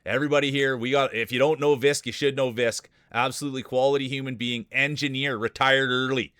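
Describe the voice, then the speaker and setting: A man streaming live, calling a marble race in joking mock sports commentary with playful hype and teasing shout-outs to viewers. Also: medium pitch, fairly even intonation, brisk, clear, resonant tone, dry recording, studio quality.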